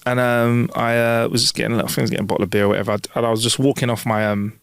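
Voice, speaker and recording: A man's voice: mid-range voice, rapid-fire, vocal fry, clean tone, dry recording, studio quality. A man hosting a podcast, chatting casually, laughing often as he tells his stories. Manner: laughs often, animated storytelling. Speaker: podcast host. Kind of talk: casual chat.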